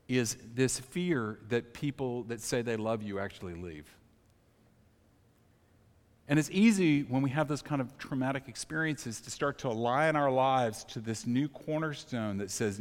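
Animated and speaking at normal speed, a man with a mid-range voice preaches a sermon as pastor in a church sanctuary with a long reverb tail. He's conversational, sharing personal stories and posing questions to the congregation.

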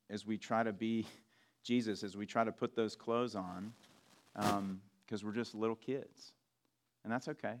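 A man preaching a sermon in a relaxed, conversational way, with frequent restarts and asides. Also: fairly low pitch. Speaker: pastor.

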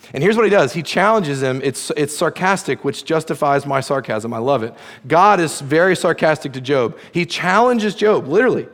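A man's voice: a little high, normal speed. Preacher man in a reverberant hall. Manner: animated, playful sarcasm when quoting God. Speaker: pastor. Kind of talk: sermon.

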